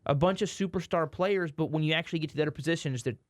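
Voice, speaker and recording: A man's voice: on the high side, very fast, no echo, studio quality. A man, co-hosting a sports podcast in casual chat, rambling and correcting himself, sometimes exasperated.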